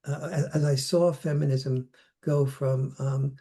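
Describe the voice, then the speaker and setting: Gravelly, dark-voiced older man. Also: medium pitch, fairly even intonation, unhurried. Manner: reflective, acts out quoted voices. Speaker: podcast guest. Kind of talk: conversational interview.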